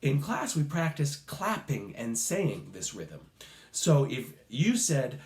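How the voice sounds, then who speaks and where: A man teaching a recorded music lesson to children, slow, patient and encouraging, sometimes making playful animal sounds. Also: medium pitch, big pitch swings, darkish tone, echoey room, a little hiss or hum.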